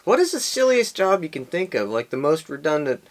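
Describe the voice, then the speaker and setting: A man's voice: a little high, very animated, fairly quick. Wry, joking co-host man. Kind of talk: casual chat.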